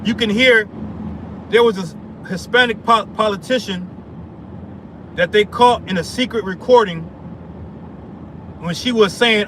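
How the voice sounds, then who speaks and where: A man's voice: high-pitched, moderate pace, pauses often, fairly bright tone, a little hiss or hum, poor audio. A man telling a heated story in a casual rant, stammering and repeating himself. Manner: heated, repetitive, restarts and stammers. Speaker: vlogger.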